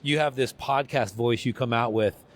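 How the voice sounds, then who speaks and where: A man's voice: medium pitch, normal speed. A man co-hosting a podcast, chatting casually in a rambling, self-deprecating way with frequent restarts. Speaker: podcast co-host. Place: convention venue.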